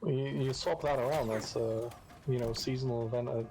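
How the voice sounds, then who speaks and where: A man's voice: medium pitch, steady tone, moderate pace, dark tone, slight background noise. A man chatting casually while gaming, with dry, hesitant asides. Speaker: co-player.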